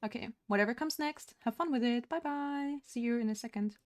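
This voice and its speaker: A woman's voice: a little high, quick pace, no room sound. A young woman streaming live from home, chatting casually and rambling while she paints, with frequent laughs.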